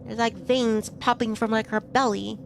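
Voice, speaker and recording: A woman's voice: on the high side, steady tone, normal speed, vocal fry, slight background noise. A woman streaming a game, chatting casually and playfully, reacting aloud to what happens on screen.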